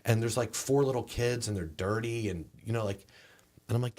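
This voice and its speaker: A male comedian with a Southern accent telling a story casually, with lively halting restarts. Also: fairly low pitch. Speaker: comedian and guest.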